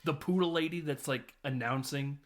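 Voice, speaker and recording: A man hosting a film podcast, casually retelling a movie's plot with swearing, laughter and quick acted-out lines. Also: on the high side. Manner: laughing, profane, animated retelling with quoted lines. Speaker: podcast host.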